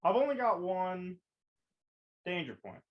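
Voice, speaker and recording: A man playing in a tabletop role-playing game who talks in a casual, excitable way. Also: high voice, a little slow, muffled recording. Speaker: player.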